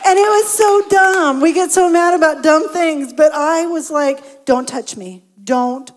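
A woman telling a personal story about her marriage in a casual, animated way, often laughing. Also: extremely high pitch, measured pace.

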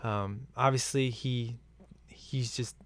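A man's voice: medium pitch, fairly even intonation, slow. A man in casual, rambling chat as he watches a film at home, laughing often. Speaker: movie commentary viewer.

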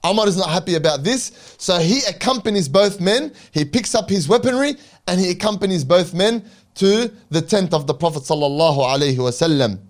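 A man's voice: sits high, lively intonation, a little fast. A male preacher narrating a religious story dramatically, breaking in with reverent asides.

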